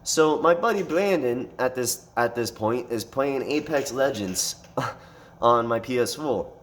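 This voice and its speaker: With slight background noise behind him, a man with a mid-range voice recounts a fight at a measured pace in a loose storytime monologue. Nearly every line has a swear word, and he doubles back with restarts and fillers in an animated telling.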